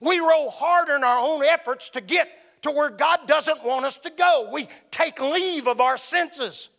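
A man's voice: very high voice, a little slow, vocal fry, fairly bright tone. A man preaching a sermon with emphatic delivery that swells and drops. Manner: emphatic, rising and falling delivery.

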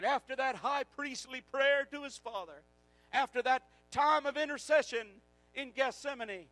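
A man preaching a sermon, swinging from hushed passages to shouted climaxes. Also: very high-pitched, no room sound, rough recording.

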